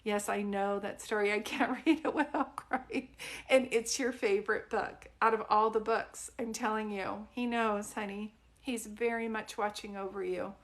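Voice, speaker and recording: Soft-spoken woman doing a livestream reading. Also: mid-range voice, fairly even intonation, normal speed. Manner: soft, soothing, calls people sweetie and honey; rambling, restarts mid-sentence. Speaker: psychic medium doing live readings.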